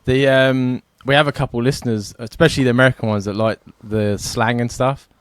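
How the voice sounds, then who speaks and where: Laughing English podcast host, dry sound. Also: male voice, medium pitch, steady tone, a little fast, smooth, no echo. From England. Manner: laughing, swearing storyteller. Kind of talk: casual podcast chat.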